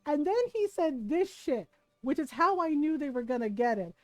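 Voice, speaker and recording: A woman's voice: high voice, moderate pace, no room sound. A woman streamer chatting casually as she tells a long story, often checking in with "right?". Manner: lively storyteller who keeps asking "right?".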